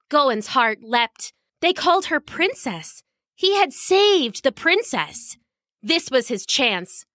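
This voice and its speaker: A woman host narrating a children's storybook in a lively, expressive way. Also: high voice, slow, dry recording, studio quality.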